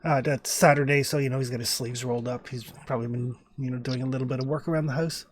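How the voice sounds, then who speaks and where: A man's voice: mid-range voice, steady tone, fast. A man narrating as game master in a tabletop game, in a loose, rambling way with many fillers.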